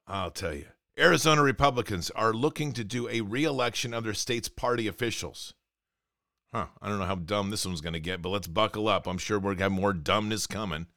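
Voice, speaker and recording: A man's voice: on the low side, fairly quick, pushed and bright, no room sound, clean studio sound. A man hosting a commentary show, ranting indignantly and sarcastically while reading news items aloud.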